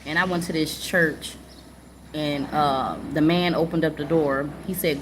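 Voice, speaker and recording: A woman with a lowish voice tells a story from her own life in casual conversation. She talks earnestly and circles back over her points, often checking that the listener is following. Clear background noise runs under her voice. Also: steady tone, measured pace. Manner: earnest and repetitive, often asks the listener "you know what I'm saying?". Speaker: live stream host.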